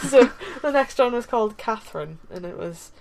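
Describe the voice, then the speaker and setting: A woman's voice: fairly high pitch, expressive, moderate pace, creaky, slight background noise. A woman hosting a casual review chat, wry and teasing. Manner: teasing, wry, laughing easily. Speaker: host.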